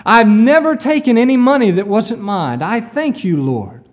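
Proud pious churchgoer praying, as a preacher puts him on, high and self-satisfied. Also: male voice, animated, normal speed. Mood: smug pious. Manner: self-satisfied, boastful prayer.

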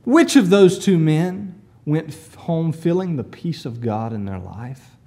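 A male preacher telling a story in a sermon, with an animated manner and rhetorical questions. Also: fairly high pitch, measured pace.

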